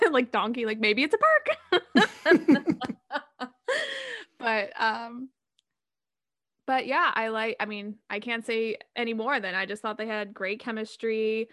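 Lively young woman, close and dry. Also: fairly high pitch, unhurried, dry recording. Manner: animated, laughing, acts out her own reactions. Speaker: podcast co-host. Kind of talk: casual chat.

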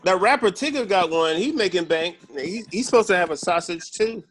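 A man's voice: sits high, a little fast, slight background noise. A man co-hosting a casual talk show, telling a story with lots of laughter and acted-out lines. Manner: animated storyteller, laughs often. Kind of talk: casual podcast banter.

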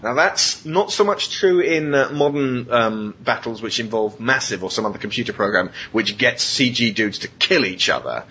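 A man hosts a casual podcast, reading out film clichés and riffing on them with a jokey, sweary manner. His pitch swings around in an animated way. The recording is dull and lo-fi, with a faint rumble underneath. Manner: sweary, jokey, laughs often, does quick silly voices. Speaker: podcast host.

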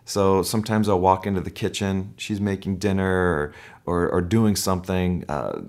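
A man's voice: sits low, moderate pace. A man preaching a sermon, telling stories with animation and acting out voices. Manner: animated storytelling, acts out voices. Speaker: pastor.

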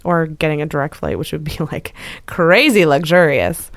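A woman's voice: low-pitched, moderate pace, no room sound. A woman co-hosting a podcast in casual chat, laughing often as she tells stories. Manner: laughs a lot, animated storytelling. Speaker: podcast co-host.

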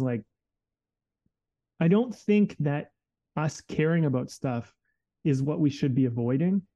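A man's voice: fairly high pitch, mellow, lo-fi sound. A man telling a personal story in a casual, reflective way, candid and full of fillers and restarts.

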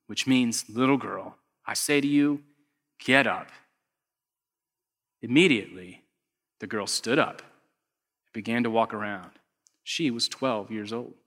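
Bright-voiced preacher in an echoing hall. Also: male voice, mid-range voice. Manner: conversational, acts out characters, wide swings from loud to hushed. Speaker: pastor. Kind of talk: sermon. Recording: echoey long hall reverb.

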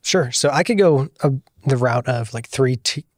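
A man, a guest video producer, explaining things in a relaxed podcast chat with frequent filler words. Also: medium pitch, normal speed, no room sound, studio quality. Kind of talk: casual podcast interview.

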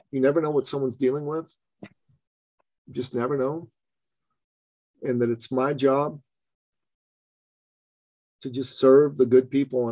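A man telling a personal business story as a podcast guest, animated and acting out the lines of people he quotes. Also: mid-range voice, no room sound. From Canada.

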